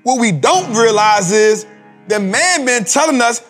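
A man hosting a show, giving a repetitive, preachy motivational talk on investing, speaking with a husky voice. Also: extremely high pitch, measured pace, faint music behind. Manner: animated, preachy, repetitive, addresses co-host by name. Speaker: podcast host.

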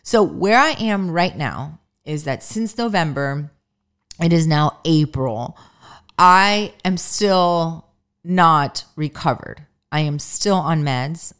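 A woman's voice: sits low, animated, slow, a bit bright, smooth. A middle-aged woman hosting her own podcast, talking candidly and emotionally in a chatty way, full of "like" and "um". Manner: emotional, close to tears at times. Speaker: podcast host. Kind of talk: personal podcast monologue.

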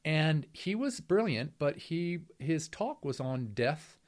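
A man's voice: on the high side, big pitch swings, slow, a little mellow. A middle-aged man, a professor being interviewed, telling a long story in a wry, rambling way, with many fillers and restarts. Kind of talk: storytelling conversation.

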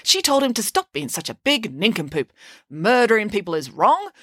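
A woman's voice: medium pitch, very animated, normal speed, a bit bright, slightly rough, no echo, studio quality. A woman voicing a confident female pig nanny who speaks emphatically. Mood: emphatic. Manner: emphatic and self-assured.

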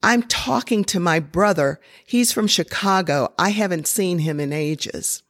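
A woman's voice: lowish voice, measured pace, a bit bright, no room sound, clean studio sound. A woman voicing a curt, busy male pharmacist who brushes people off. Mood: annoyed. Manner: brusque, dismissive.

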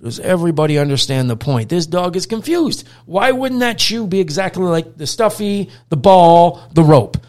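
A man co-hosting a casual podcast as a dog trainer, telling animated stories and acting out growls and praise. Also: high voice, moderate pace, few pauses. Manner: animated storyteller who acts out growls and praise.

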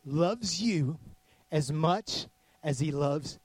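A male pastor preaching a sermon in a casual, animated way, acting out voices in his stories. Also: fairly high pitch, drawn-out words, breathy edge, no room sound. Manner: casual with many "like" fillers.

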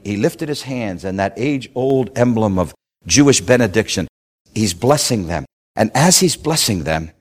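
A man preaching a sermon, retelling scripture with dramatic storytelling that swings between loud declarations and hushed passages. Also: medium pitch.

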